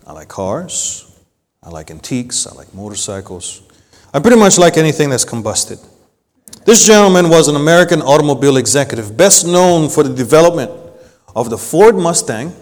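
Man, accented preacher, sermon, emphatic, slightly high voice, long hall reverb. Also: sing-song, a little mellow. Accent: non-native English accent. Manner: emphatic preacher, slow deliberate phrasing with sudden rises. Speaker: pastor.

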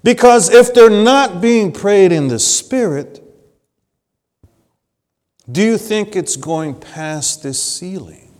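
A male pastor preaching a sermon, swinging between loud emphasis and hushed, low phrases. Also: slow pace, pauses often. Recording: long hall reverb.

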